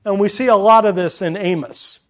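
Man, preacher, sermon, earnest teaching tone, friendly asides, fairly high voice. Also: brisk.

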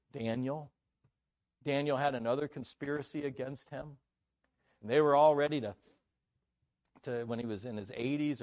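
A man preaching a sermon at a church conference, telling a story with lively energy and acting out the characters' voices. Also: mid-range voice.

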